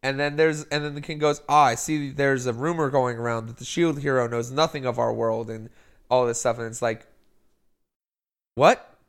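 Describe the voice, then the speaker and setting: A man's voice: medium pitch, fairly even intonation, fairly quick, clear, resonant tone. A man co-hosting a casual podcast, rambling through a plot recap and quoting the characters' lines. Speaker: podcast co-host. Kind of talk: casual chat.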